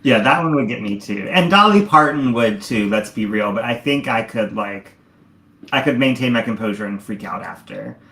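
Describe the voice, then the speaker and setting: Co-host, woman with a very deep voice, playful and laughing, echoey room. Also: lively intonation, moderate pace, fairly bright tone. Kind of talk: casual chat.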